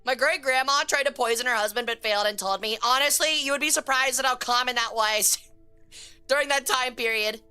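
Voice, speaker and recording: A woman chats live with her viewers, cracking crude jokes and rambling in a chaotic way. Her voice sits a little high, with a crisp, smooth clarity. Faint music plays behind her. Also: brisk, sharp tone. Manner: chaotic, crude joking with chat. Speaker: streamer. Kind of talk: casual live-stream chat.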